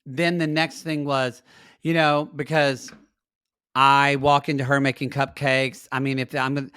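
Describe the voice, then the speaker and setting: A man co-hosting a casual recap podcast, earnest and openly emotional. His voice sits mid-pitch for a man. The recording is dry and close. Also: flat delivery, a little slow, pushed and bright, clean tone, no echo. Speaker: podcast co-host.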